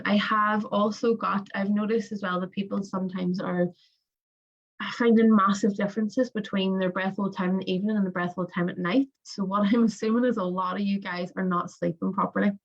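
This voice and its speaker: A young woman, coaching breathwork in a casual, rambling way with many fillers and restarts. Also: medium pitch. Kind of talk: casual spoken instruction. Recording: muffled lo-fi audio.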